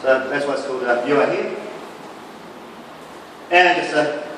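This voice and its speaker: A man's voice: on the high side, measured pace, fairly bright tone, recorded from a distance, a little hiss or hum. A man giving a casual, rambling floor talk about his artworks in a gallery. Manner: rambling, casual, with many "sort of" and "like" fillers. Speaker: exhibiting artist. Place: gallery, indoors. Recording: echoey gallery picked up from afar.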